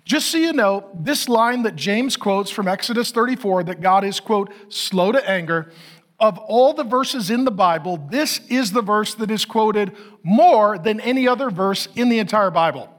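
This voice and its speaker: A man's voice: high-pitched, expressive, normal speed, hardly any pauses. A middle-aged man preaching a sermon, emphatic and repetitive, full of rhetorical questions. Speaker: pastor.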